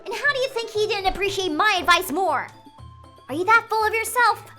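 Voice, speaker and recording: A woman's voice: very high-pitched, lively intonation, fairly quick, pushed and bright, faint music behind, heavily acted. A woman playing a snappy, bratty teen girl. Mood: bratty taunting. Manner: snappy, mocking.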